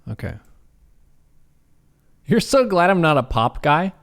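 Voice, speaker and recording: A man's voice: on the high side, very animated, slow pace. A young American man casually reading quiz questions aloud on a live stream, joking and swearing as he answers. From United States.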